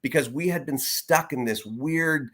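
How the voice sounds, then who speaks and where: A man's voice: fairly high pitch, fairly bright tone. Earnest middle-aged man recounting his story. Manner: earnest and reflective, with halting restarts. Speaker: interview guest. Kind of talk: personal story in a conversation.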